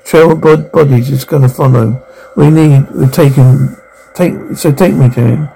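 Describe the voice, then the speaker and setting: A man reading a horror show's captions aloud, sound cues included, in an even, uninflected way with brief stumbles. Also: medium pitch, normal speed, gravelly, slight background noise, low-quality recording.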